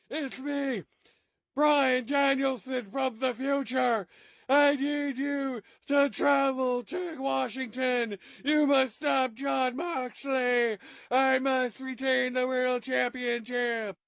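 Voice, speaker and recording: A man playing a frantic messenger from the future, shouting urgent pleas. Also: extremely high pitch, creaky, dry recording, pitched above the performer's own voice, exaggerated voice.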